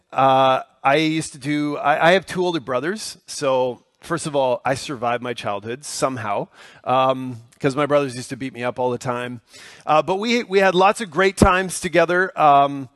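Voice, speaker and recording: A man's voice: fairly high pitch, no room sound, studio quality. A young man preaching a sermon in a casual, hesitant way, with many fillers and restarts. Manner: hushed, soft prayer. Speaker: pastor.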